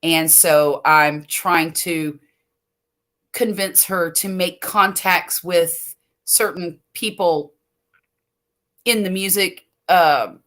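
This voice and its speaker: An older woman from the US Gulf Coast talks at an unhurried pace in a clear, bright voice. She hosts a late-night stream from home, rambling between viewer comments and laughing easily. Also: lowish voice. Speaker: late-night livestream host. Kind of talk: casual chat reading viewer comments.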